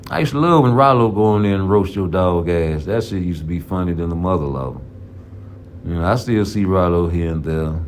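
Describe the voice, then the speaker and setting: A man's voice: deep voice, a little fast, a little hiss or hum. A man giving casual, profane, rambling boxing commentary in a vlog. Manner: profane, rambling, slang-heavy. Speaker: boxing vlogger. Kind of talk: casual trash-talking commentary.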